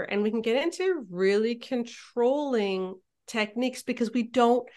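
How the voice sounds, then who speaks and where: A woman's voice: a little high, moderate pace, few pauses. A woman co-hosting a podcast, giving a thoughtful example in a casual, reflective way.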